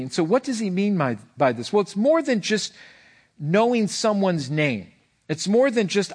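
A man pastor preaching a conversational sermon, telling stories with frequent restarts and an animated delivery. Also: high voice, moderate pace.

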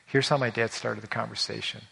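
Folksy, animated male preacher. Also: on the low side, brisk, creaky, slightly rough. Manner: animated, folksy, frequent repetitions and restarts. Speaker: pastor. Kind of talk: conversational sermon with personal stories.

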